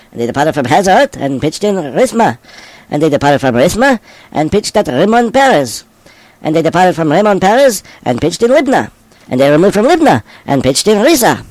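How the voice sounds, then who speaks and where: A rabbi reading a list of scripture verses aloud in a steady, measured way. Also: male voice, high voice, no room sound. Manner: steady, measured recitation of place names.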